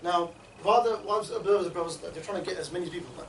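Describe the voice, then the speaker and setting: Guy running an outreach training session, talks super fast, kinda high voice, echoey room, mic far off. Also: a little hiss or hum. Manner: rapid, chatty, keeps checking in with "yeah?" and "right?". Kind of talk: instructional group talk.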